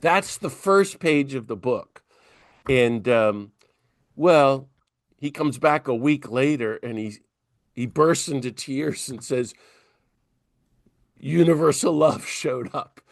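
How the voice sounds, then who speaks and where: A man's voice: mid-range voice, takes it slowly, dry recording. Priest guest, male, spins stories and acts out dialogue, voice in a middle register. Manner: animated storyteller who acts out dialogue. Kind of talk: conversational storytelling.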